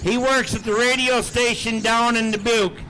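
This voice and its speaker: Older man, high and bright, folksy announcer and auctioneer at an outdoor pull. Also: fairly even intonation, a little hiss or hum, rough recording. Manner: folksy, rapid-fire auction chanting. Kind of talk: live event announcing and auction chant. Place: outdoor raceway.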